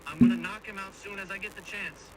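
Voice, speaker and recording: A man's voice: sits high, steady tone, quick pace. An AI voice clone of a cocky young male boxer, boasting in casual slang, played from a phone speaker. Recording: distant, noisy phone playback.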